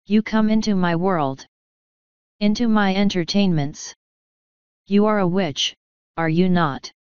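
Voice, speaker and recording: A woman's voice: mid-range voice, measured pace, clean tone, no echo, dull audio, natural voice. A woman voicing a lazy, seductive male elf king who talks in a languid, mocking purr.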